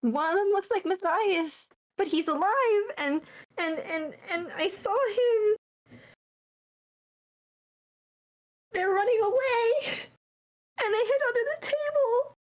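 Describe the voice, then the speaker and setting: A woman voicing a young heroine who is sobbing and shaken, her voice high and breaking. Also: a little slow. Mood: tearful shock. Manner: high tearful pleading, voice breaking. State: crying.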